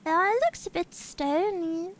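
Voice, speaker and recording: Streamer, female, very high pitch, easygoing slow delivery, bubbly and giggly casual chat. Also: poor audio. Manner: bubbly, giggly, chatting with viewers. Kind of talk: casual chat while gaming.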